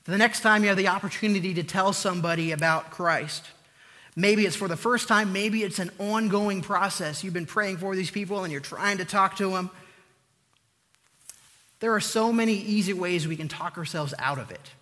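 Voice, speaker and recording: Man, sermon, high-pitched, repeats points slowly, long hall echo. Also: pushed and bright. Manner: earnest, emphatic repetition with slow pauses. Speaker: preacher.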